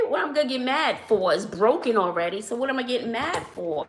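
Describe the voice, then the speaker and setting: A woman from Brooklyn, hosting a casual livestream chat and telling lively stories with frequent laughs. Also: a little high, brisk, few pauses, reverberant. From Brooklyn, New York. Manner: animated storyteller, laughs often, says "child". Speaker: channel host.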